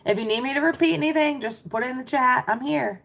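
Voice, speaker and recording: A woman's voice: high voice, fast, vocal fry, a bit bright, slight background noise. A middle-aged American woman coaching live on a stream, chatty and reassuring as she reads questions and replies to the chat. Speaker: mindset business coach. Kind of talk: livestream coaching talk.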